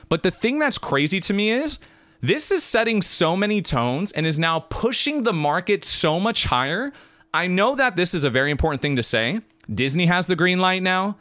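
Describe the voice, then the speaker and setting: A man hosting a podcast, talking in an excited, emphatic rant that swings between high and low. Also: smooth, dry recording. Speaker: podcast host. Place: California.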